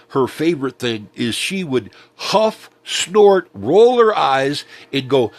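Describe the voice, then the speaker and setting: A man's voice: fairly low pitch, slightly rough. A middle-aged man, rambling through a casual vlog monologue with many ums and restarts. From Southern United States. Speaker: vlogger.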